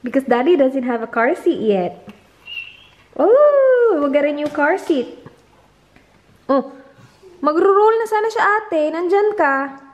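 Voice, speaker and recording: A woman's voice: sits high, sing-song, unhurried, pauses often, a little mellow. A woman in her thirties with a Filipino accent, vlogging casually with her small children at home and in the car, slipping into sing-song baby talk. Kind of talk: casual family vlog, mixing Tagalog and English.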